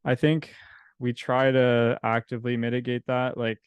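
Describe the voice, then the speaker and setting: A man's voice: medium pitch, little pitch movement, moderate pace, clear, resonant tone, dry recording. A man from California, a coffee business owner, talking casually as a podcast guest, rambling with fillers and restarts.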